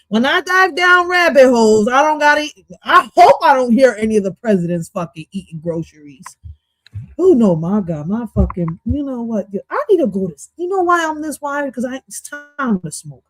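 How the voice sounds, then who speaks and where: A woman's voice: sits high, lively intonation, moderate pace, dry recording. Brash, profane woman streamer, dry sound. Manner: loud, profane and playful, drops in Spanish phrases. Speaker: streamer reacting to an interview clip. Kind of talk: casual reaction commentary.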